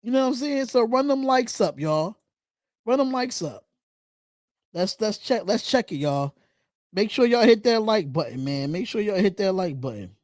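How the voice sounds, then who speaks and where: Casting: male host with a high voice, loose and repetitive, close and dry. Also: expressive, normal speed, darkish tone, no echo. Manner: chatty, repeats phrases, reads comments aloud. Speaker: podcast host. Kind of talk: casual live-stream chat.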